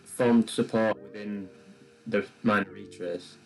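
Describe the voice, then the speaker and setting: A man's voice: fairly low pitch, steady tone, slow, vocal fry, slight background noise, low-quality recording. A man co-hosting a live trading stream, talking through his chart levels in loose, teasing chat. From England. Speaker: forex live stream co-host. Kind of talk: casual chat while trading. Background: soft music.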